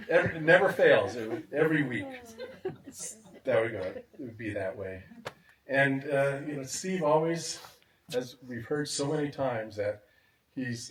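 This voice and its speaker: A man giving a warm, reflective memorial speech, chuckling now and then. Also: mid-range voice, animated, measured pace. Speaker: memorial speaker. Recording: echoey sound from a distant mic.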